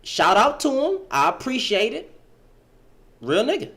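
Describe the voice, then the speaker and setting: A man's voice: extremely high pitch, huge pitch swings, measured pace, a bit bright. A middle-aged man hosting a reaction video, firing off pleading rhetorical questions to his audience. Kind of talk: emphatic reaction commentary.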